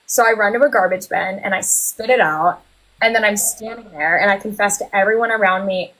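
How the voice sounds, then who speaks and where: A young woman guest on a casual live chat, recounting stories with animated energy. Her voice has a soft, breathy edge. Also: medium pitch, fast talker, rough recording. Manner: animated storyteller, laughs often.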